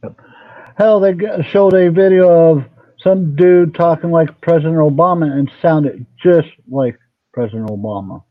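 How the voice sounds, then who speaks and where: Chill guy on a tinny phone-ish line, slightly high voice, dry sound. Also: no room sound. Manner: laid-back, short agreeing replies, quick laughs. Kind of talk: casual chat.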